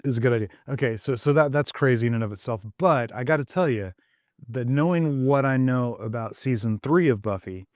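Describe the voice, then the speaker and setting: A man co-hosting a podcast talks about a TV show in an animated, casual way, often stumbling over repeated words. His voice is mid-pitched. The sound is dry. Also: brisk, no echo. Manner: animated, stammers on restarts, laughs while telling jokes. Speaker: podcast co-host. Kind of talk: casual TV episode discussion.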